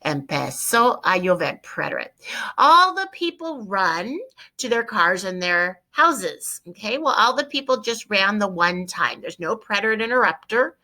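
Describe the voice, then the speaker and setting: A woman's voice: medium pitch, sing-song, measured pace, pushed and bright, poor audio. A woman teaching a Spanish grammar lesson, explaining each step and repeating key points, sometimes spelling words out letter by letter.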